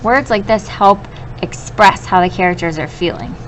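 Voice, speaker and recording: A woman teacher reading a story aloud to children and pausing to explain vocabulary, patient and clear. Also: mid-range voice, a bit bright, slight background noise, rough recording.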